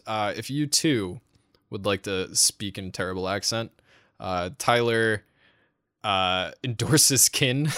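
A man's voice: on the low side, a bit bright, clean tone, dry recording. A young man co-hosting a casual podcast, laughing often and teasing his co-host.

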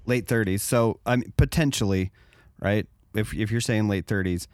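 Smooth low-voiced podcast host, affirming. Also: male voice, moderate pace, a little mellow. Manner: reflective, affirming interjections. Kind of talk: casual chat.

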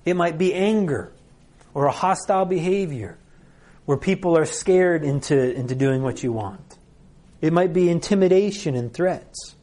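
A man's voice: high voice, animated, moderate pace, darkish tone. A middle-aged man giving a conference sermon in a conversational way, acting out quoted lines. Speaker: conference speaker.

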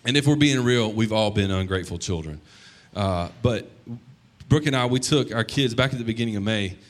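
Lively, low-voiced man preaching a sermon. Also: fairly quick. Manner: conversational, animated storytelling with sudden loud bursts. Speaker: pastor.

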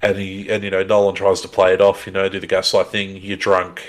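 A man's voice: low-pitched, completely flat delivery, fast talker. A man co-hosting a podcast, casually retelling an episode with lots of fillers and restarts. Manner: rambling, filler-heavy storytelling. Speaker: podcast co-host. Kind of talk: casual recap chat.

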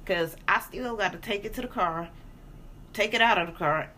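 A woman's voice: mid-range voice, normal speed, bright, forceful tone. A woman co-hosting a laid-back chat, rambling along with plenty of fillers and some swearing. Faint background noise sits under her voice. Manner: chatty, profane, rambling with filler words. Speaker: co-host. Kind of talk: casual chat.

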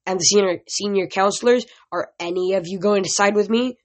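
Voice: medium pitch, fairly quick, lightly acted. A reader in an amateur audiobook reading, voicing an angry, tough teenage warrior girl who snaps her lines. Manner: snapping, defiant.

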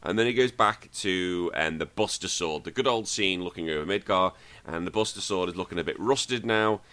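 A podcast host with a low, forceful voice, walking through a film scene by scene. He swears freely and gets animated as he recaps in loose, casual chat. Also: moderate pace, smooth. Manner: profane, animated scene-by-scene retelling. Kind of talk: casual movie review chat.

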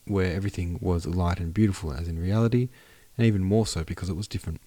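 A man narrating a classic novel for his podcast in a steady, measured reading, recorded close to the mic. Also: sits low, no echo. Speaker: audiobook narrator, podcast host.

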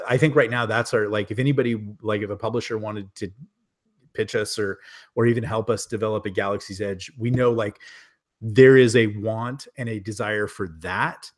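A man on a podcast as a guest publisher, chatting casually and rambling with lots of fillers and restarts over a remote call. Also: fairly low pitch. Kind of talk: casual chat.

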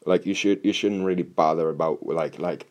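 A man's voice: low-pitched, fairly even intonation, moderate pace, a little mellow. A young man talking casually in a blunt, tough-love way, swearing constantly and restarting his words often. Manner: blunt, heavy swearing, repeats words when starting. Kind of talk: casual monologue.

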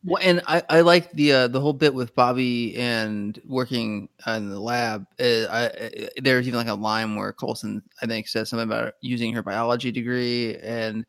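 A man of middle pitch chats as a podcast co-host, offering comic-book background. He hesitates, trips over his words and corrects himself. His voice sounds dry and close to the mic. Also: steady tone, normal speed, few pauses, a bit bright, dry recording. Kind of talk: casual chat.

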